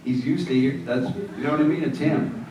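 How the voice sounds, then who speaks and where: A man's voice: fairly high pitch, brisk, dull audio, a crowd in the background. An older man presenting a ventriloquism workshop, chatty and joking as he tells stories, heard from far off. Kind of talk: workshop talk. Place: conference room with audience. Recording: echoey room from far off with audience.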